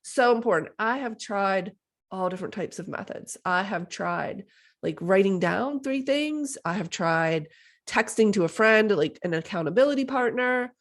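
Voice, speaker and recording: A woman's voice: medium pitch, expressive, moderate pace. A woman in her thirties hosting a solo podcast, chatty and enthusiastic, with lots of "like" and "you know". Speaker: podcast host. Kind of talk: casual solo podcast talk.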